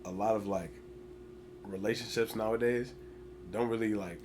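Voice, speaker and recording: A young man on a podcast, telling stories in casual chat with lots of filler words and animated retelling. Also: on the low side, normal speed, noisy background. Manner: animated storyteller, heavy "like" filler. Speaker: podcast guest.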